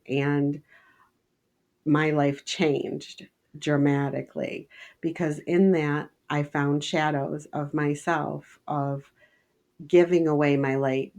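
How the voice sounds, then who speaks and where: A woman in her fifties co-hosts a podcast and tells a personal story earnestly. Her voice sits very low for a woman. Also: darkish tone. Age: 50s. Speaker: podcast co-host. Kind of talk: casual interview chat.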